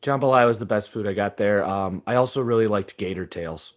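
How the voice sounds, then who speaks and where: Animated, profane young man telling a story. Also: fairly low pitch, brisk. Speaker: podcast co-host. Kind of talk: casual chat.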